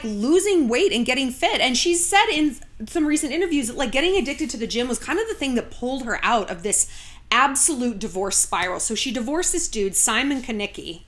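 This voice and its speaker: Woman, thirties, lively up-and-down pitch, fairly high voice, sarcastic chat, swears freely. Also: moderate pace. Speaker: vlogger. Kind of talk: casual to-camera chat. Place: home.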